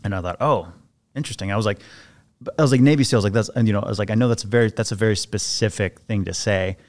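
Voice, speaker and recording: A man, a former soldier, telling stories as a podcast guest in a casual, animated way with many restarts. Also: on the low side, fast talker. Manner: animated storyteller, acts out quoted voices, many restarts. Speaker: podcast guest, former Navy SEAL sniper. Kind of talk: casual storytelling interview.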